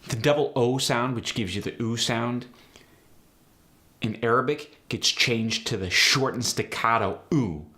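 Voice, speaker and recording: A man hosting a tutorial as an accent coach, explaining sounds in a brisk, direct way. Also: mid-range voice, bright, forceful tone. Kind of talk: instructional tutorial.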